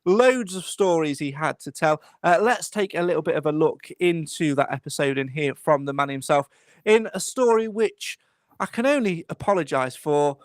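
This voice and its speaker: A man hosting a football podcast, chatty with brisk announcements between segments. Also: fairly high pitch, dry recording. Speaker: podcast host.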